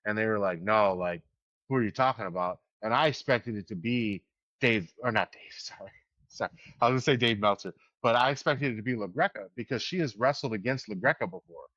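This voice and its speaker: A man's voice: fairly low pitch, quick pace, a bit bright, dry recording. A man co-hosts a casual podcast, rambling through anecdotes with frequent laughs and the odd curse. The recording is dry with no room sound. It is also a little dull and lo-fi. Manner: rambling storyteller, swears, laughs often. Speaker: podcast co-host. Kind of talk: casual chat.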